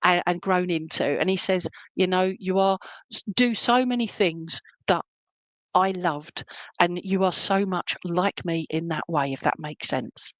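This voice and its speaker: A woman's voice: fairly low pitch, unhurried, no room sound. A woman serving as a spiritualist medium, giving a reading in an online church service in a chatty, reassuring way and often checking in with "okay?" and "all right?". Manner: relays spirit messages in a homely, colloquial way.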